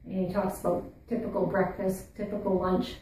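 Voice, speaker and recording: A woman's voice: mid-range voice, flat delivery, moderate pace, mellow, heavy reverb, far from the mic, low-quality recording. A woman with a Maritime Canadian accent from Newfoundland and Nova Scotia, a channel host chatting casually and playfully to her viewers. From Atlantic Canada. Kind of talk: casual chat to camera.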